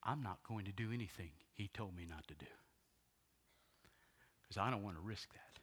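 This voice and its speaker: A male pastor preaching a sermon dramatically, swinging between hushed whispers and loud exclamations. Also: fairly low pitch, moderate pace, slightly rough.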